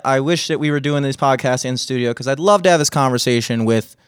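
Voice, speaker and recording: A man's voice: mid-range voice, smooth, dry recording, studio quality. A man co-hosting a podcast, cursing a lot and telling jokes in crude casual banter. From Greek and Italian heritage. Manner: profane, animated joke-telling. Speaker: podcast co-host. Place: remote podcast recording.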